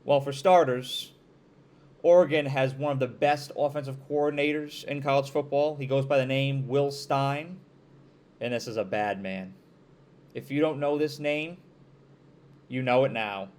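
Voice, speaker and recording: A man with an upstate New York accent hosting a college football show, talking to camera with energetic, emphatic hype. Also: medium pitch, unhurried. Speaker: sports show host.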